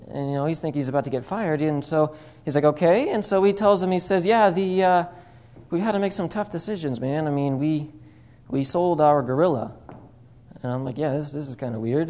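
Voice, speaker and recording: A man's voice: a little high, darkish tone. A man preaching a sermon, opening with a folksy joke told in a storytelling manner full of fillers and asides.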